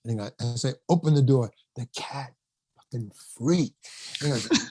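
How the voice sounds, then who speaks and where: A man's voice: medium pitch, normal speed, dark tone, slightly rough, no room sound. An older man, an actor, telling a rambling backstage story in a podcast interview, acting out the quotes, laughing often and swearing now and then. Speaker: actor guest.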